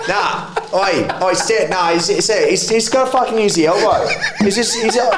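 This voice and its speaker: A man doing a loud, pushy middle-aged Aussie pub bloke who barks instructions at a fighter he is only watching, his voice pitched well above his normal talk. He sounds like a know-it-all heckler, insistent and shouty. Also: animated, normal speed, reverberant, heavy background noise. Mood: heckling. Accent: Australian. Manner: shouty, bossy, slurring backseat coaching. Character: rowdy middle-aged male pub-goer yelling at a fight.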